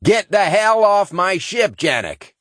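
A man voicing a stern male starship captain who barks gruff commands. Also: medium pitch, animated, moderate pace, dry recording, studio quality, voice pushed up, lightly acted. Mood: commanding.

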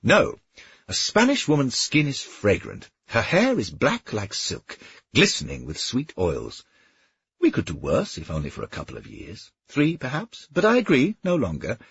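A man voicing a coarse, boastful veteran knight who bellows and scorns, with a husky voice. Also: medium pitch, huge pitch swings, normal speed, a bit bright, lo-fi sound, pitched above the performer's own voice, exaggerated voice.

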